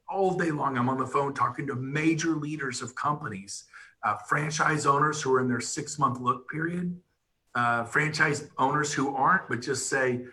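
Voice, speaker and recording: A middle-aged man giving an energetic, emphatic motivational pitch to real estate agents. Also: moderate pace, rough recording. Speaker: real estate brokerage leader.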